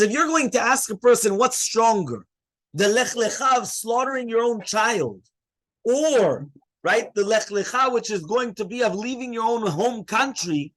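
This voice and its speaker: A rabbi gives a lively Torah class, throwing questions at his listeners and hushing the room. His voice is fairly high for a man and a bit husky. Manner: animated, asks the listeners questions and quiets them. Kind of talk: Torah class to a live audience.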